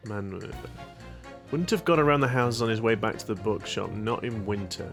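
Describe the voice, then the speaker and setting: A man's voice: fairly low pitch, animated, normal speed, music in the background. A man chatting jokily during a video game playthrough with friends, laughing often. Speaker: let's play host. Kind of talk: casual game playthrough chat.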